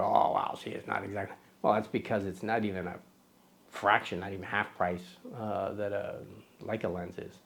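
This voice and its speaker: A man with a fairly low voice hosts a photography vlog. He talks to camera in a loose, chatty way. He wanders off topic, pokes fun at himself and fills gaps with ums and uhs. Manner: chatty and self-deprecating, with many fillers and restarts. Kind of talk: casual rambling talk to camera.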